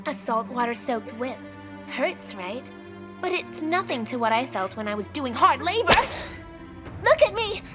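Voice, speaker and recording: A woman's voice: high-pitched, sing-song, a little slow, over loud music. An actress in an English dub playing a vengeful woman who taunts her prisoner with menace. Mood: gloating menace. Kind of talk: English dub of a period drama.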